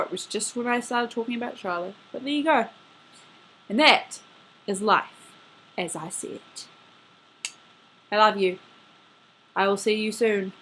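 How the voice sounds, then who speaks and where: A woman's voice: medium pitch, a bit bright, slight background noise. Chatty eighteen-year-old girl rambling. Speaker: vlogger messaging her best friend. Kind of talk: casual video message. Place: her bedroom at home.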